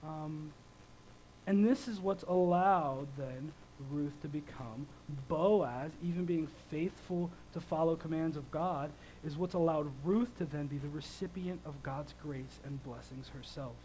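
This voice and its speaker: A man in his thirties preaching a sermon, conversational and animated, telling stories with lively swings in loudness. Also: fairly high pitch, unhurried, a little hiss or hum, poor audio.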